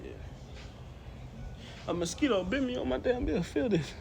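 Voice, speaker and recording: A man's voice: very high-pitched, animated, normal speed, gravelly, a little mellow, faint music behind. A man casually improvising a story in slangy speech. He acts out the quoted lines and laughs often. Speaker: co-host telling a fan story.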